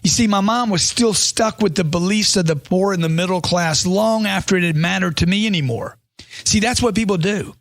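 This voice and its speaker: A man's voice: high-pitched, normal speed, no room sound, clean studio sound. A man reading a money self-help book aloud as scripted audiobook narration, in an emphatic motivational way that leans on rhetorical questions.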